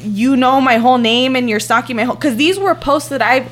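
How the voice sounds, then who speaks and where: A woman's voice: sits high, fairly quick. Give me a profane young woman telling a story. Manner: profane, heavy use of "like", animated retelling. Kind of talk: casual chat.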